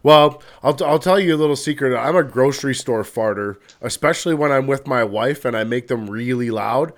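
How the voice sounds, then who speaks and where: A man's voice: mid-range voice, a little fast. A man hosting a podcast, asking brief, laid-back questions with fillers. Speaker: podcast host. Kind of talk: casual interview questions.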